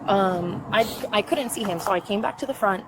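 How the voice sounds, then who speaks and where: A woman's voice: medium pitch, moderate pace. A woman giving police a heated, profane account of a quarrel, acting out both sides, outdoors in a front yard. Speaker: complainant. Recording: noisy outdoor body-camera audio.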